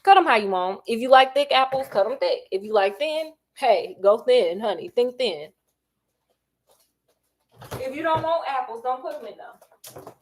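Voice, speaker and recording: A woman's voice: a little high, lively intonation, measured pace, long pauses, a little hiss or hum. A woman, chatting while she cooks and gossiping about reality TV in a sassy, dramatic way. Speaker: cooking vlogger. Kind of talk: casual chat while cooking.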